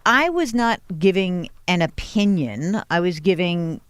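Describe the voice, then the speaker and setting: A woman's voice: on the low side, animated, measured pace, clear, resonant tone, no echo. A woman hosting an interview podcast, talking candidly and expressively. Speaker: podcast host. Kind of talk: conversational interview.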